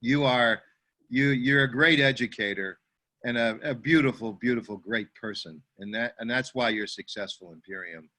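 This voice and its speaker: A man in his fifties, a network marketing veteran, giving halting praise with many restarts on a video call. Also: mid-range voice, bright, forceful tone.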